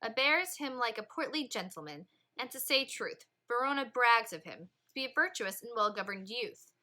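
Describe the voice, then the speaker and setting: A woman reading the lines of an older male household lord who calms a hot-headed kinsman in a measured, soothing way. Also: on the high side, poor audio.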